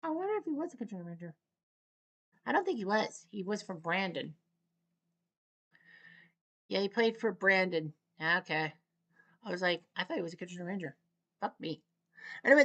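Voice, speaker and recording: Woman doing chill gameplay commentary, rambly, tons of side comments, yells a taunt sometimes. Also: medium pitch, a little fast, long pauses. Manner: chatty, rambling asides full of trivia; occasionally shouts a taunt.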